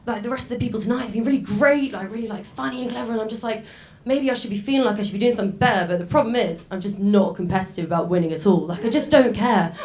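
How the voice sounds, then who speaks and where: A woman's voice: medium pitch, rapid-fire, a little mellow. Chatty self-mocking young woman. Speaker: stand-up comedian. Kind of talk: stand-up set. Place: stage before a live audience.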